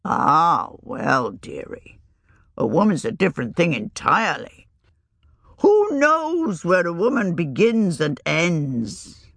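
A woman voicing a shrewd, earthy old village witch who talks in a rustic, old-fashioned country way, her pitch raised and wavering. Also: huge pitch swings, slow pace, creaky, a bit bright, no echo, exaggerated voice. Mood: confiding. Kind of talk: audiobook reading.

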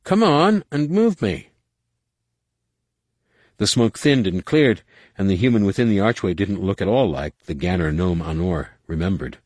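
A man reading an audiobook in a measured, dramatic narration. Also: low-pitched, darkish tone, no echo, studio quality. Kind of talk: scripted narration.

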